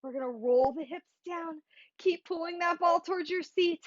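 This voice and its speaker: A woman's voice: extremely high pitch, moderate pace, dry recording, highs cut off. A woman leading a Pilates workout, cueing breaths and moves in an upbeat, encouraging, playful way. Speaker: Pilates instructor. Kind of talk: guided workout instruction.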